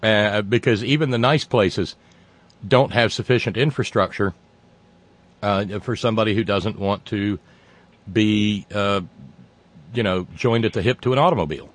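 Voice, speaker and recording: A man's voice: fairly low pitch, moderate pace, pauses often. A man hosting a radio chat in a folksy, joking way, often restarting his sentences. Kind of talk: casual radio conversation.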